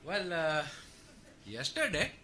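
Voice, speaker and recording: A man's voice: huge pitch swings, slow, heavy background noise. Man laughing through a joke. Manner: laughing through his own joke, voice jumping high and loud. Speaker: guest telling a joke in a played clip. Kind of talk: joke telling.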